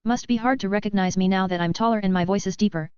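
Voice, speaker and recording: A woman's voice: mid-range voice, quick pace, a little mellow, clean tone, no echo, natural voice. A woman voicing a big, earnest male wolf beastkin who insists he is an old friend. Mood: pleading. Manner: pleading, insistent. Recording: dry, slightly dull lo-fi.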